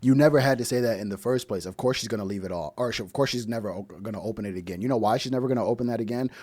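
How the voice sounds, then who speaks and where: A man's voice: on the low side, rapid-fire, a little mellow, no room sound. A man hosting a reaction commentary, blunt and preachy, firing off repeated rhetorical questions. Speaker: relationship commentary host.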